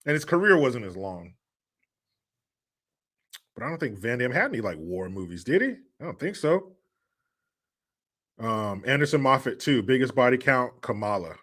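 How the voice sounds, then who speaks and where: Brief: male livestream host from the US, lively bright delivery, crude and jokey, swears freely. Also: medium pitch. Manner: crude, joking, drawling asides with profanity. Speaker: show host reading live chat. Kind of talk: casual livestream commentary.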